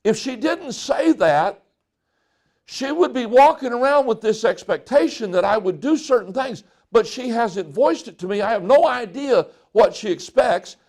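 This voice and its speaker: High-voiced man preaching a sermon. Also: expressive, a little slow, a little mellow. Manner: folksy, joking, acts out people's lines. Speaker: pastor.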